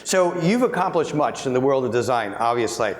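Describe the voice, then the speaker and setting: A man in the middle of the pitch range interviews a guest on stage, framing his questions politely and at a measured pace. His voice rings through a large hall with a long, roomy reverb. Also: animated.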